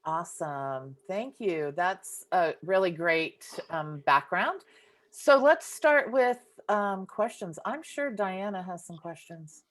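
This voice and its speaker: A woman moderating a workshop discussion, handing over to the next questions with measured transitions. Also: fairly low pitch, animated, fairly bright tone.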